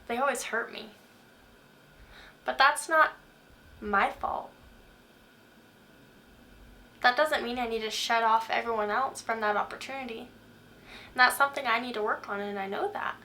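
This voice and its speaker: Earnest bright-voiced woman giving devotional talk. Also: on the high side, normal speed. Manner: earnest, questioning, preacher-like. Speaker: faith talk host.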